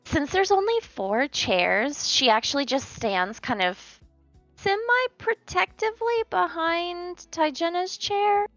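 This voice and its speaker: A woman's voice: very high voice, lively intonation, slow pace, a bit bright, no echo, soft background music. Casual woman player, dry dull recording. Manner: casual, laughs easily. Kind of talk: casual tabletop game chat. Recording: slightly dull, dry sound.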